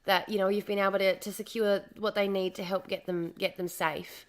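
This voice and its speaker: An Australian woman chatting casually on a live stream, slightly hoarse from a lost voice, repeating herself as she greets viewers. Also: medium pitch, level tone, brisk.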